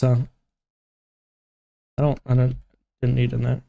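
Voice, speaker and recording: A man's voice: mid-range voice, completely flat delivery, unhurried, gravelly, warm tone. A man streaming a game live, chatting casually, joking, humming and talking to himself as he plays.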